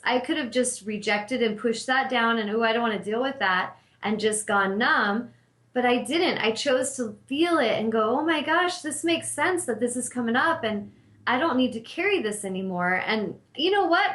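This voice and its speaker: A woman's voice: a little high, fairly bright tone, roomy sound. A middle-aged woman hosting her own talk show as an intuitive healer, telling a personal story in an earnest, reflective way.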